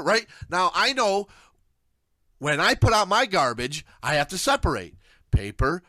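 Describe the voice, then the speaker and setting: A man's voice: high-pitched, very animated, moderate pace, long pauses, pushed and bright, no echo. A middle-aged man, ranting angrily and with plenty of profanity on a solo recording. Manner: angry, profane, ranting with rising outbursts. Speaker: ranter.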